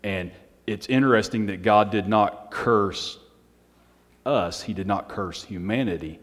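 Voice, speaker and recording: A man preaching a Sunday night sermon, speaking in a self-described monotone with joking asides to the congregation. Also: on the low side, measured pace. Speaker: pastor. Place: church hall on a Sunday night. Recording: long hall reverb.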